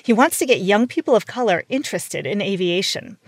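A woman reporter narrating a radio news feature in a measured, scripted delivery. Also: mid-range voice, expressive, dry recording. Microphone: studio mic.

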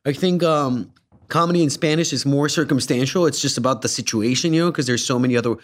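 In a casual interview, a young Guatemalan man who acts and does comedy talks quickly in a medium-pitched voice. He's playful and full of laughs and filler words, and he acts out voices.

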